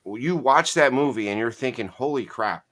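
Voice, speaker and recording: A man's voice: mid-range voice, animated, normal speed, fairly bright tone. A man chatting casually about movies, telling stories with emphasis.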